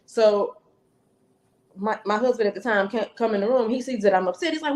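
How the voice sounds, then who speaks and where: A woman's voice: on the high side, lively intonation, brisk, a little mellow. A woman telling a personal story on a podcast, acting out the voices in the dialogue she recalls. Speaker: podcast guest. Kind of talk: storytelling, casual chat.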